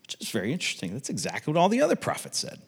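A man's voice: mid-range voice, huge pitch swings, rapid-fire, vocal fry, breathy edge. A man giving a casual Bible teaching, telling the story conversationally with asides. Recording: long reverb.

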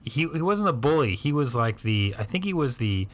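A man's voice: mid-range voice, big pitch swings, moderate pace. A man co-hosting a podcast, chatting casually in a rambling, jokey way that often trails off mid-sentence. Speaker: podcast co-host. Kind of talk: casual chat.

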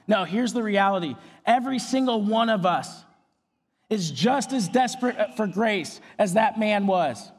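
A man's voice: high voice, animated, measured pace. A young man preaching a sermon as pastor, earnest and emphatic, with phrases repeated for weight. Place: large auditorium. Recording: long hall reverb.

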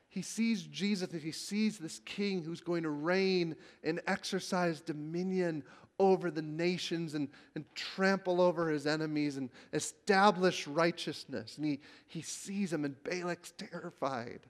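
A male pastor preaching a sermon, telling the story with animation and acting out the quotes, then growing hushed when he reads scripture. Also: a little high, measured pace. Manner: drops to a hushed, reverent tone when reading scripture.

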